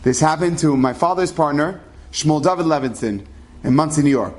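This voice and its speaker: A man with a fairly high voice tells a story out loud. He speaks casually. He changes his voice for the people he quotes. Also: moderate pace, soft background music. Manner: animated, acts out quoted voices.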